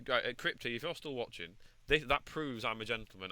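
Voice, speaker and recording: A man streaming a game and commenting casually, joking and defending himself in an animated way. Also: medium pitch, a little fast, hardly any pauses.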